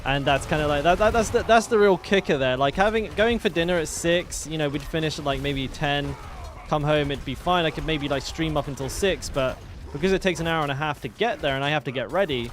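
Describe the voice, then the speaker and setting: A man's voice: fairly high pitch, a little fast, slight background noise. A British man chatting casually with his stream chat while gaming, joking and swearing. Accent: British English. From Britain.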